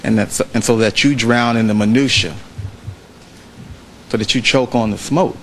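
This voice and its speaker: A trial lawyer giving a closing argument to a jury in a courtroom, speaking in a measured way and repeating phrases for emphasis. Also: male voice, medium pitch, slight background noise, rough recording.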